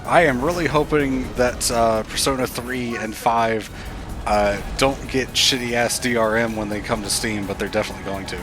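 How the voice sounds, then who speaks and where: Relaxed young male co-host, mid-pitched voice, casual swearing, game music clearly behind. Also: normal speed. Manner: laid-back, swears casually. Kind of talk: casual gameplay commentary.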